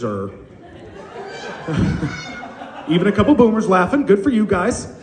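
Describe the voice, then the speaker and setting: A man doing a stand-up comedy set on a club stage, telling animated stories with acted-out quotes, audience laughter behind him. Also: sits high, measured pace, pauses often, roomy sound, a crowd in the background.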